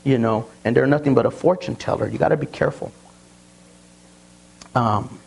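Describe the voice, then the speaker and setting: A man preaching a sermon, stumbling over and repeating words as he tells stories, and reading scripture slowly with emphasis. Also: mid-range voice, creaky, darkish tone, breathy edge, low-quality recording. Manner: repeats words and restarts often, storytelling.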